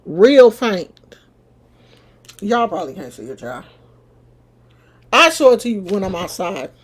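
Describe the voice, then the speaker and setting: A middle-aged woman, casually telling a personal story straight to her viewers in an animated, chatty way. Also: mid-range voice, unhurried. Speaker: vlogger.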